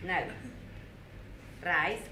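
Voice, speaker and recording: A woman's voice: on the low side, extremely slow, recorded from a distance. A woman playing the bossy, teasing ghost of an old grandmother, scolding and mocking her grandson in a live stage play. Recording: echoey stage, recorded from afar, faint noise.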